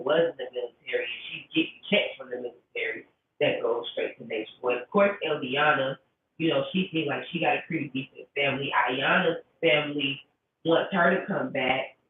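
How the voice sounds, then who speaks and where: A blunt, profane woman rants casually to camera, circling back with lots of fillers. Her voice sounds distant and tinny, as if caught on a phone, with heavy echo and a faint hiss behind. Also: very deep voice. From United States. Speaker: commentary vlogger. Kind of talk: casual commentary rant.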